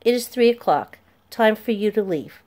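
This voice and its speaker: A woman's voice: mid-range voice, animated, moderate pace, a little mellow, close to an everyday voice. A woman voicing a stiff, fussy male caretaker who speaks formally and clipped. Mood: stern.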